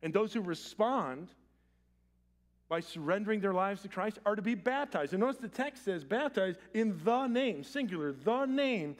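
A male pastor delivering a church sermon in a slightly raised voice. He swings from loud, urgent appeals to near-quiet, intimate asides, talking straight to the congregation. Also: high-pitched, animated, normal speed. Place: church sanctuary.

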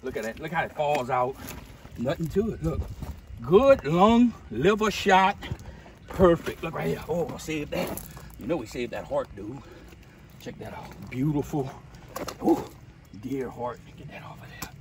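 With lively intonation, an unhurried pace and long pauses, a Louisiana man with a Cajun accent hosts a practical how-to demonstration. Boisterous and slangy, he keeps saying "dude" and "boom," and the distant mic picks up loud noise outdoors.

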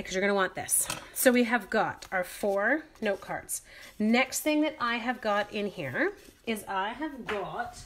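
A woman's voice: medium pitch, fairly bright tone, slight background noise. A woman hosting a casual live-stream craft demonstration from home, chatty, upbeat and joking about herself as she walks through her supplies. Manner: chatty, upbeat and self-mocking. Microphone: computer or phone live-stream mic.

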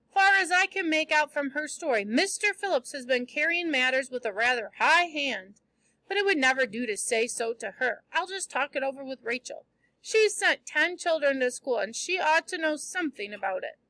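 A woman reading aloud as a brisk, stern older woman from a storybook. She is practical and matter-of-fact, in a high voice that sounds dry and close. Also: bright, forceful tone, no echo. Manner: brisk, no-nonsense.

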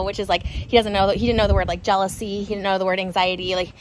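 A woman's voice: medium pitch, fairly even intonation, fast, slight background noise. An American woman hosting a vlog, chatting and giggling with lots of fillers while walking down a street. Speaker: vlog host. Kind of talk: casual chat while walking. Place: outdoors on a street.

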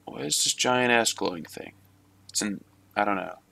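A man's voice: fairly low pitch, moderate pace, vocal fry, sharp tone. A man giving running let's play commentary on a game, swearing often and talking to himself and at the game. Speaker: gamer.

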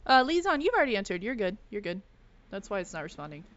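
A woman streaming a video game, giving excitable live commentary, yelling and swearing at the game. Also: mid-range voice, quick pace, highs cut off.

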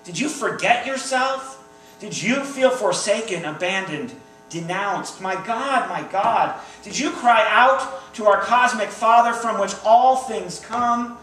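A man's voice: sits high, slow pace, fairly bright tone, a little hiss or hum. A man performing a spoken-word poem at a church gathering, declaiming in a rhythmic way with a repeated refrain. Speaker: poet. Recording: echoey hall, recorded from far off.

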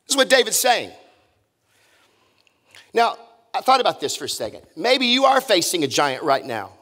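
Animated high-voiced pastor preaching. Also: male voice, moderate pace, in a large hall. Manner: animated storytelling, acts out quotes in casual voices. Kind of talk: sermon. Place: church auditorium.

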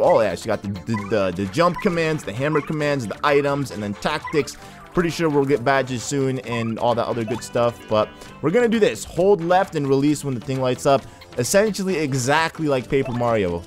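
Young male let's play host, excitable and slangy, lively pitch. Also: brisk, soft background music. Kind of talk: gameplay commentary.

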